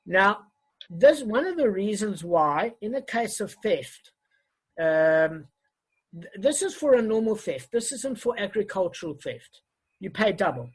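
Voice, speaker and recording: Man, online Talmud teacher on a video call; husky voice, hesitant delivery with self-corrections. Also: high voice, animated, measured pace, poor audio.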